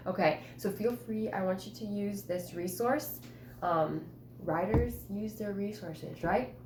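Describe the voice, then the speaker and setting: A woman teacher holding a one-on-one writing conference with a student, patient and encouraging, coaxing with gentle questions. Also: medium pitch, a little slow, background noise. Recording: roomy echo.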